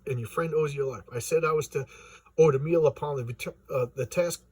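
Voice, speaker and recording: A man's voice: on the high side, fast talker, darkish tone, breathy edge, no room sound. A man reading as a stern drawling hillbilly. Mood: solemn. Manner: drawling folksy moralizing.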